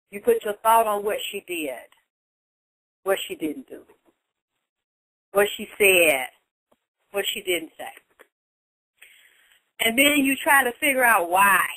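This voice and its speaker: A woman's voice: on the high side, a bit bright, dry recording, poor audio. A woman speaking in a casual monologue, blunt and profane, repeating points for emphasis. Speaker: vlogger giving life advice.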